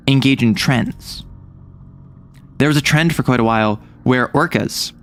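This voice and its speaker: Rambling, jokey young streamer man. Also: mid-range voice. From United States. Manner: rambling, jokey, self-interrupting. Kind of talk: casual chat stream.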